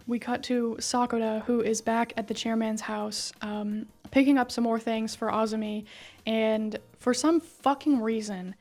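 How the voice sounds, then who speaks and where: A young woman with a slightly high voice retells a game story in casual, excited chat. She swears freely and slips into quick impressions of the characters. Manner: excited, swears a lot, acts out quotes. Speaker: story recap vlogger.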